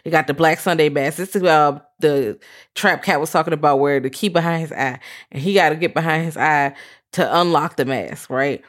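A woman's voice: deep voice, normal speed. A woman co-hosting a podcast, talking through horror films in a laid-back, joking, slangy way. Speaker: podcast co-host. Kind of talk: casual chat recapping films.

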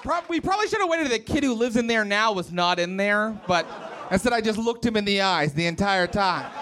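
Lively high-voiced man doing stand-up. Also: brisk, noisy background. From West Virginia. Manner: animated, self-mocking, jumps into exaggerated character voices. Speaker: stand-up comedian. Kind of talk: stand-up comedy set. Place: comedy club stage with audience.

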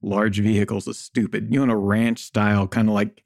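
A man's voice: on the low side, flat delivery, fairly quick, gravelly, a little mellow, no echo, clean studio sound. A married man chatting casually in a blunt, joking way, swearing now and then. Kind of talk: casual conversation.

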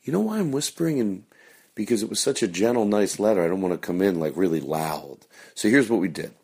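A man hosting a show, chatting casually in a soft-spoken, partly whispered way. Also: lowish voice, animated, quick pace, creaky, husky. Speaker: radio show host. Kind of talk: casual chat.

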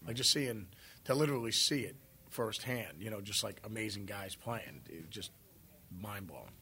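A man's voice: on the low side, animated, moderate pace, sharp tone, slightly rough. A man in casual interview chat, rambling and swearing freely, laughing as he tells stories. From New Jersey. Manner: rambling, profane, laughs often. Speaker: guest musician.

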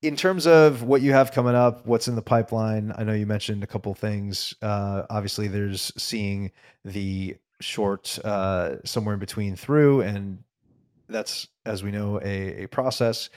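Lower-voiced man asking rambling questions. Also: steady tone, a little mellow. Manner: rambling, halting questions with restarts. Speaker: interviewer host. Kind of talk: casual interview questions.

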